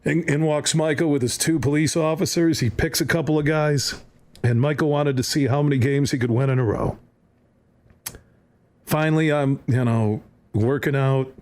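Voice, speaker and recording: On a podcast, a man with a fairly high voice tells a story at normal speed with lots of energy. A lively anecdote-teller, he does voices for the other people in it.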